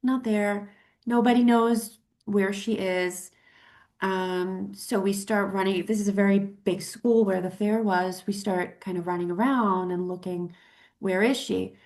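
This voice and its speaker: A middle-aged woman co-hosting a talk show, telling a personal story in a chatty way with many restarts and lively quoted voices. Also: medium pitch, a little slow. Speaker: co-host. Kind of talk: casual storytelling chat.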